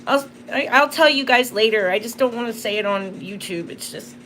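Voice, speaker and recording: A woman's voice: fairly high pitch, normal speed, a bit bright, a little hiss or hum. A woman hosting a live spirit box session, emotional and apologetic as she talks to the spirits, close to tears. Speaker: tarot reader and spirit box host.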